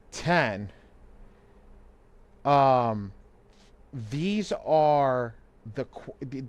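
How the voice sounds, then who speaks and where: A man co-hosting a live online money class, talking loosely with lots of restarts and easy laughter. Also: mid-range voice. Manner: loose and rambling, frequent restarts, laughs easily. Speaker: co-host and credit coach.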